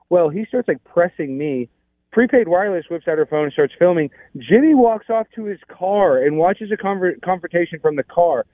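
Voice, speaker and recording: Guy on a phone line venting, rambly and fed up, kinda high voice, no room sound. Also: lively intonation, fairly quick, no echo. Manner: rambling, exasperated, many restarts. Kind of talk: casual storytelling.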